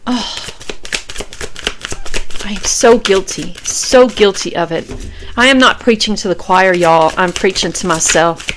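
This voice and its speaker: A woman's voice: medium pitch, a little slow, long pauses, noisy background. A woman in her fifties gives a fervent, preachy motivational talk as a tarot reader. She repeats phrases and swears freely as she urges her viewers on. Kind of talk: impassioned motivational monologue.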